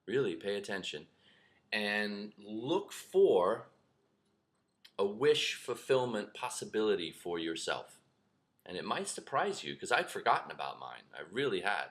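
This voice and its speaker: Lively storytelling man with a bright voice. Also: on the low side. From lives in New York. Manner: animated storyteller, acts out shouts and whispers. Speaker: spiritual teacher. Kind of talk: storytelling talk to camera.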